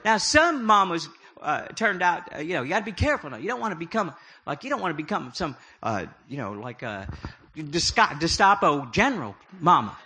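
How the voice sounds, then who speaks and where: A man's voice: a little high, sing-song, a little fast, pushed and bright, slightly rough. A middle-aged man preaching a humorous sermon, telling stories with jokey, self-deprecating asides. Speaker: prophetic speaker.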